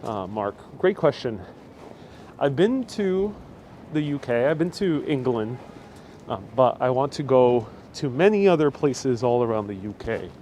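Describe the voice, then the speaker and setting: A man's voice: mid-range voice, big pitch swings, a little slow, dark tone, slight background noise. Chatty man on a city walk. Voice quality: chatty, rambling, reads out viewer comments. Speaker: host. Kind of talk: live walking tour stream. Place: outdoors on a city street. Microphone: wireless lapel mic.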